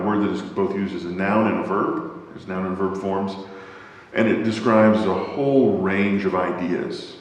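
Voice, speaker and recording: A man teaching an adult Bible class in a church, talking thoughtfully, often pausing with fillers as he searches for the right word. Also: fairly low pitch. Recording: echoey hall.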